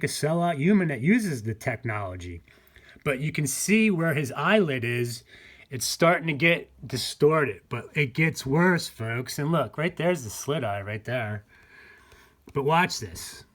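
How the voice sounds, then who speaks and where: Man, own channel host; slow, halting, repetitive monologue, pitch swinging widely. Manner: repetitive, halting, addresses viewers as folks. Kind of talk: rambling monologue to viewers.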